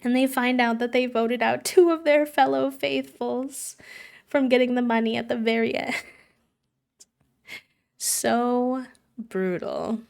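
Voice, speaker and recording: A young adult woman streamer in casual chat, retelling a story in an animated way, with lots of fillers. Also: on the high side, moderate pace, vocal fry, smooth.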